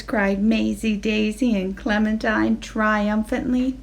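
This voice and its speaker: A woman reading a children's picture book aloud, slow and expressive, jumping up in pitch for the animals. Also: creaky. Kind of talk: read-aloud storytelling.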